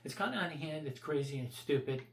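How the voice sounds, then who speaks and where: A man's voice: fairly high pitch, fast, reverberant. A man vlogging his opinions in a blunt, profane, rambling rant.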